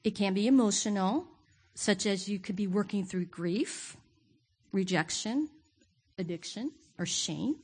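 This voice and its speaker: A woman's voice: mid-range voice, animated, unhurried, darkish tone, breathy edge. A woman giving a sermon to her church, candid and self-deprecating, often laughing. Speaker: guest preacher. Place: church sanctuary.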